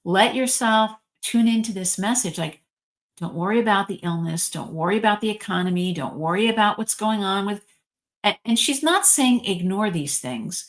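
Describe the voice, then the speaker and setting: A woman's voice: medium pitch, animated, moderate pace. A woman, a reverend, telling a religious story in an informal spiritual talk, chatty, with frequent ums and likes.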